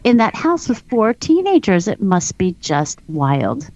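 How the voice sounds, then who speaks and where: A woman's voice: medium pitch, huge pitch swings, measured pace, a little mellow, no echo, lo-fi sound. A middle-aged woman hosting a talk show, reading aloud with amusement in casual chat.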